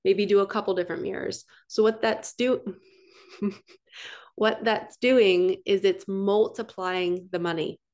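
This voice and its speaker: A woman giving a casual, excitable oracle card reading as a spiritual coach, chatty with gasps of wonder. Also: medium pitch. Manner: chatty and excitable, frequent laughs and gasps, quick then drawn-out.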